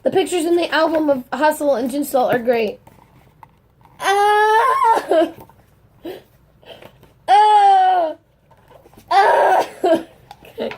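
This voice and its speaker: A young woman vlogging in casual chat, gushing and excitable, rambling and swearing as she talks. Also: high voice, a little fast.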